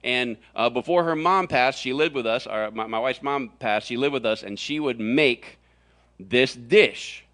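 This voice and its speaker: Animated, bright-voiced joking preacher. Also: male voice, mid-range voice, unhurried. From Florida, USA. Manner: animated, jokey storytelling with sudden exaggerated voices. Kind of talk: humorous sermon. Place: large room with audience.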